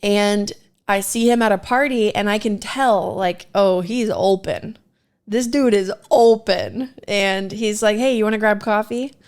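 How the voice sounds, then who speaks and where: A woman's voice: medium pitch, takes it slowly, darkish tone, smooth. A woman co-hosting a podcast, telling a personal story in a candid, self-deprecating way and laughing often. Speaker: podcast co-host. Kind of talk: casual storytelling.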